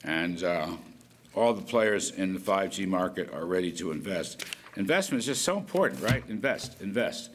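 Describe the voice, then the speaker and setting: A man's voice: deep voice, very animated, normal speed, fairly bright tone, a little hiss or hum. Older man rambling through a folksy policy speech. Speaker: government economic official. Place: conference hall at an event.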